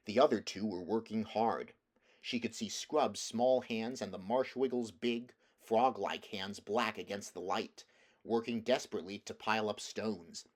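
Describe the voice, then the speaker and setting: A man narrating a children's fantasy novel aloud in a steady, measured reading voice, now and then restarting a phrase. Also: lowish voice. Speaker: audiobook reader. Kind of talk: storybook narration.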